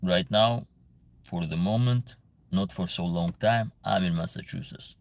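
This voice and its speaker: Man, low voice, gravelly, earnest, lecturing, broken English, livestream chat. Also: measured pace, no room sound. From Albania. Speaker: livestream host reading chat.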